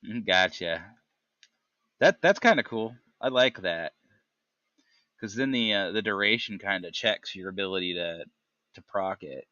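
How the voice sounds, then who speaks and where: A man's voice: sits low, lively intonation, bright, forceful tone, dry recording, highs cut off. A man hosting a casual gaming chat, reading talent descriptions aloud and stumbling over the odd name. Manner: reads tooltips haltingly, stumbles on names. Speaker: gaming podcast host.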